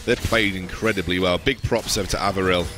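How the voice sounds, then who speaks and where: A man's voice: low voice, steady tone, brisk, noisy background. A man casting a live esports match, giving chatty, joking analysis. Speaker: esports caster.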